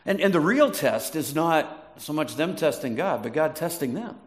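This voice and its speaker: A man preaching a sermon as a pastor, telling stories, often restarting words and asking the congregation questions. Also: fairly high pitch. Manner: storytelling, restarts words, asks the audience questions.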